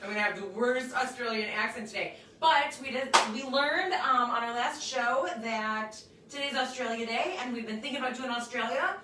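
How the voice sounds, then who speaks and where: A woman co-hosting a home cooking show, talking in an excitable, chatty way. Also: on the high side, normal speed, hardly any pauses, heavy background noise. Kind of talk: casual chat. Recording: echoey room from far off.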